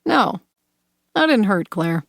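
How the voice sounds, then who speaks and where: A woman voicing a smooth, manipulative man in an audiobook thriller, speaking softly and coaxingly. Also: mid-range voice, takes it slowly, no echo, clean studio sound, exaggerated voice. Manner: soft, coaxing, sinister calm. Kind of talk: audiobook character voice.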